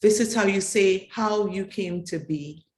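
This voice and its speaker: A woman reading a poem of tribute in a slow, measured, incantatory way, building on repeated refrains. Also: mid-range voice, darkish tone. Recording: echoey room.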